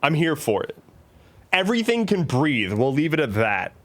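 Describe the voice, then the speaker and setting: A man chats casually on his live stream, rambling and joking in a playful way. His voice sits slightly high and bounces lively up and down, with faint music playing under him. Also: moderate pace.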